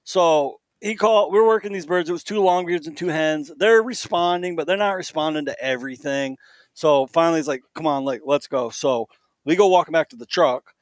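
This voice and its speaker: A man's voice: fairly high pitch, brisk, no room sound. A man co-hosting a podcast, telling a story in casual chat and acting out the quoted voices. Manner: animated, acts out quoted voices. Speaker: podcast co-host.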